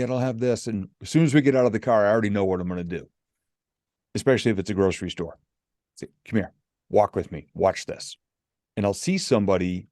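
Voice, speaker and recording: Middle-aged man, podcast guest, lively storyteller, warm mellow tone, dry close sound. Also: lowish voice, no room sound. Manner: animated, acts out quoted dialogue.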